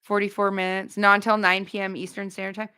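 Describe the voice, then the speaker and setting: A woman hosting a casual livestream, chatting bluntly with viewers, with quick asides and no filter. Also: mid-range voice, level tone, pushed and bright, clear, resonant tone. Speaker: livestream host.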